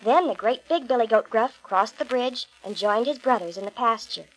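A woman reads a children's fairy tale aloud in a clear, expressive storybook manner. Her voice sits fairly high, and she shapes the narration gently for young listeners. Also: moderate pace, low-quality recording.

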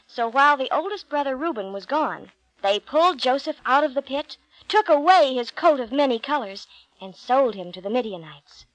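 A woman with a fairly high voice reads a Bible storybook aloud in a gentle, clear way. The recording is dry and close, with no room sound. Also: lively intonation, moderate pace, no echo, low-quality recording. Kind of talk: storybook narration.

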